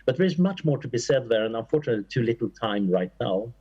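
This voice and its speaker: A man's voice: medium pitch, animated, quick pace, mellow, slightly rough, lo-fi sound. A man answering an audience question at an academic conference, in a thoughtful, discursive way with fillers and restarts. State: coughing at times. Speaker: conference speaker.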